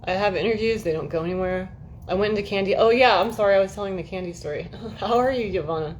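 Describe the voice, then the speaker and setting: A woman's voice: mid-range voice, quick pace, a little mellow, a little hiss or hum. A woman chatting casually to viewers on a livestream from her home, rambling, swearing freely and laughing at herself often. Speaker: livestream host. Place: indoors at home, air-conditioned room.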